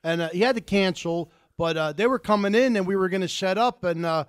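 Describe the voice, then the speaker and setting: A high-voiced man co-hosts a radio show from a dry studio. He talks haltingly and fills his speech with many pauses and "uh"s. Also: clean tone, no echo. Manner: halting, filler-heavy. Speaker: radio co-host. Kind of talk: casual radio chat.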